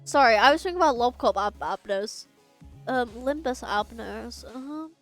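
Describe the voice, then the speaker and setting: A woman streaming a story game, excitable and swearing freely as she reacts, often restarting her sentences. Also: on the high side, normal speed, faint music behind. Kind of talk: casual game stream commentary.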